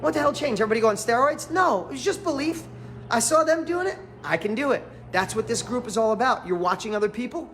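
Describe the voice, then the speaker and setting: A man coaching a live audience in a motivational training, emphatic and fervent, repeating phrases for emphasis and swinging between loud and quiet. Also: high-pitched, a little hiss or hum. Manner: fervent, emphatic, pep-talk delivery.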